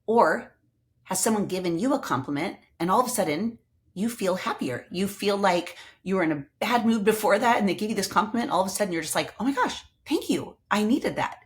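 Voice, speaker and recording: A woman's voice: medium pitch, a little fast. A woman hosting a motivational podcast, telling stories in an enthusiastic, chatty way. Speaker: podcast host. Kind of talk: upbeat motivational podcast talk.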